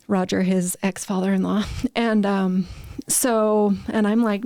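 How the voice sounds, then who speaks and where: A woman in her thirties tells her own story on a podcast. She talks in a candid, stop-and-start way. Her voice has a gravelly edge and stays fairly flat in pitch, and the sound is dry and close to the mic. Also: unhurried, dry recording. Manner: candid storytelling, many restarts and fillers. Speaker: podcast co-host. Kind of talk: casual chat.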